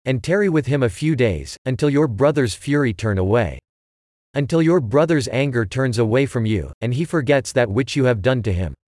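An anxious mother urges her son to run for his life, voiced by a man reading scripture. The reading stays measured and unadorned. The recording is dry and close. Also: medium pitch, expressive, darkish tone, no echo, natural voice. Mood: urgent.

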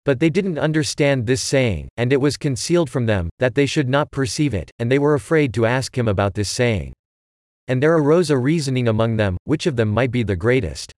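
A man giving a measured, even reading of scripture. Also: mid-range voice, no echo, studio quality. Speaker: scripture reader.

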